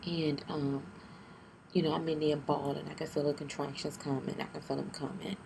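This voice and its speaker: Young woman vlogging, low flat gravelly voice, lots of ums, noisy background. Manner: tearful, halting, with many fillers and restarts; keeps her voice down. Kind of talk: personal storytelling vlog.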